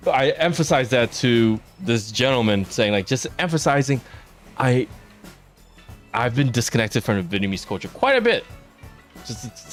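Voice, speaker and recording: A man with an Eastern American accent talks in a casual, wandering way, full of ums and restarts. His voice sits a little low. He chats to his stream while playing. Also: fairly bright tone. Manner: rambling storyteller, many fillers. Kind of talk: casual chat while gaming.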